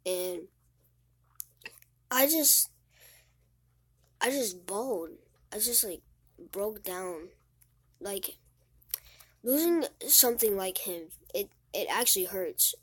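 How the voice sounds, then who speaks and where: A teenage girl talking casually and sadly to the camera, close to tears, halting and repeating her words as she rambles. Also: medium pitch, lively intonation, husky, dry recording. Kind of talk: casual vlog monologue.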